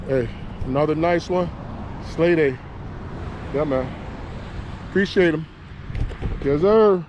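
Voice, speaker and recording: Excited man fishing outdoors, higher voice. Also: takes it slowly, lo-fi sound, background noise. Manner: excited, drawling, repeats phrases. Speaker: fishing vlogger. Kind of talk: casual outdoor fishing commentary. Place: outdoors on the water.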